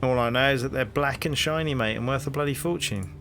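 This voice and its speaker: A man voicing a gruff, lazy male London street copper in a point-and-click game, talking in brash Cockney rhyming slang. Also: mid-range voice, brisk, fairly bright tone, a little hiss or hum, natural voice. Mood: boastful.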